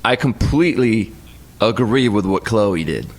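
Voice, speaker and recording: A man in his thirties co-hosting a casual podcast chat, telling stories with lively energy and acting out his kids' voices. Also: lowish voice, a little slow. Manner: animated storyteller, acts out his kids' voices. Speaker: podcast co-host.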